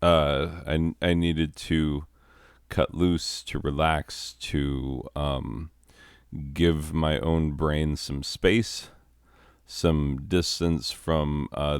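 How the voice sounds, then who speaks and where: A man hosting a video, talking in a halting, self-deprecating, rambling monologue. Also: extremely low pitch, fairly even intonation, smooth, dry recording, clean studio sound. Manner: halting, self-deprecating, many fillers and restarts. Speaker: video host.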